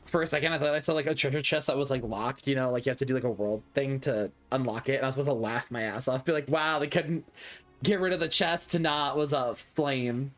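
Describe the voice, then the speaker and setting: A man's voice: mid-range voice, fast talker, faint music behind. A young man streaming a video game live, reacting with dramatic, whiny, self-mocking commentary.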